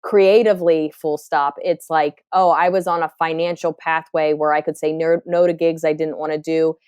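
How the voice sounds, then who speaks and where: A woman's voice: sits low, little pitch movement, normal speed, a little mellow, clear, resonant tone, no room sound, studio quality. A woman comedian in her thirties from New Jersey, talking candidly in a podcast interview, often restarting her sentences. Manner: candid, reflective, with frequent fillers and restarts. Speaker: stand-up comedian, guest.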